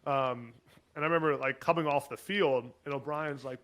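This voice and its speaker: A man in his twenties, a podcast guest telling animated, chatty stories about his football days. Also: a little high, fairly quick. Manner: animated, chatty, lots of fillers and laughs. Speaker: podcast guest, former college football player. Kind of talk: casual storytelling chat.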